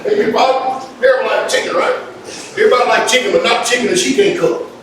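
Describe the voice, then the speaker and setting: A man pastor giving a lively, playful sermon, teasing the congregation and calling for responses. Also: extremely high pitch, rapid-fire. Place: church. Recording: echoey church room from far off, noisy.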